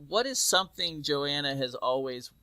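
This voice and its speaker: A man serving as game master with a bright, fairly high voice, recorded dry and close. He narrates scenes in a rambling way, full of restarts and fillers. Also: lively intonation, moderate pace, no room sound.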